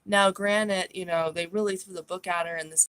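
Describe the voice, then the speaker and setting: A woman's voice: fairly low pitch, fairly even intonation, normal speed, fairly bright tone. A woman vlogging a true crime monologue, blunt and profane, with a scornful, opinionated way of talking.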